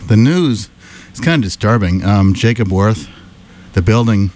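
Chatty low-voiced man reviewing food. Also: expressive, measured pace, a little mellow, a little hiss or hum. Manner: chatty, enthusiastic storytelling. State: out of breath. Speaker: radio guest, food reviewer. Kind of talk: casual radio chat.

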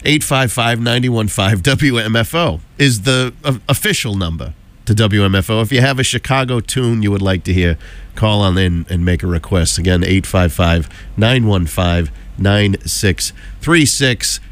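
A man with a hoarse, froggy voice from a cold, working as a radio DJ and chatting casually on air from a station studio, rambling with jokey asides. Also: fairly low pitch, normal speed.

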